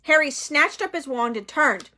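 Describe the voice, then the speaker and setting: High, bright woman reading aloud. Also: normal speed. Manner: expressive, dramatic reading with casual asides. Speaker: storyteller reading a novel aloud.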